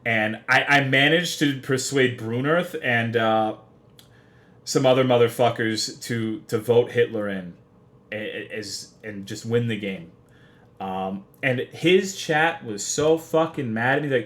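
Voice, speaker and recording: A man's voice: mid-range voice, unhurried, fairly bright tone. Profane rambling young male streamer. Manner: profane, rambling, self-deprecating. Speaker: livestreamer. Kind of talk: casual livestream chat.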